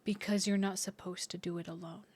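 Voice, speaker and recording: A woman's voice: on the low side, little pitch movement, a little fast, a little mellow, slightly rough. A woman giving an intuitive tarot reading to her viewers, talking in a dreamy, searching way with many fillers and restarts. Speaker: tarot reader.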